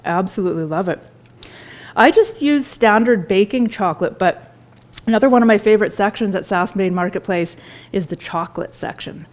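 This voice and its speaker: A woman's voice: mid-range voice, normal speed. A woman, a chef giving a live cooking demonstration in a store kitchen, chatty and enthusiastic as she tastes food while she talks.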